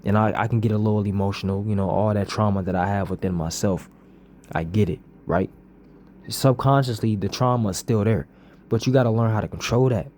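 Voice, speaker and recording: Earnest man with a mellow voice. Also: fairly low pitch, a little fast, slight background noise. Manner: earnest, repetitive, peppered with "bro" and "you know what I'm saying". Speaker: vlogger. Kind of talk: casual motivational monologue.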